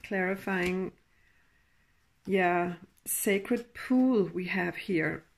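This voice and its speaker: A woman giving a tarot reading in a halting, emotional way, with sighs and soft laughs. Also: fairly low pitch, gravelly. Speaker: tarot reader.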